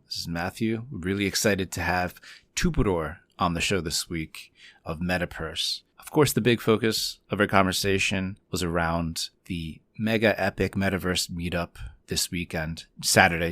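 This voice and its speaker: A man's voice: low-pitched, fairly bright tone, no room sound. A man hosting a podcast, introducing the episode and chatting casually with his guest in an upbeat way. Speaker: podcast host.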